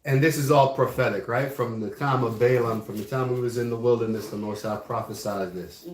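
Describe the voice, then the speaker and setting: A man's voice: medium pitch, brisk. Echoey man teaching, asking "right?" constantly. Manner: frequently asks "right?". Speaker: class teacher. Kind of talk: religious study class. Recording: echoey room.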